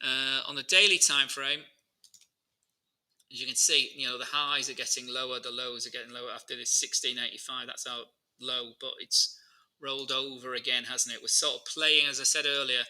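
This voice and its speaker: A man hosts a live market analysis stream in a loose, chatty way. He talks through his charts and answers viewer questions as they come in. His voice has a very bright, forceful edge and sits at a middle pitch for a man. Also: moderate pace, poor audio. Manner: many fillers and restarts, relaxed and informal.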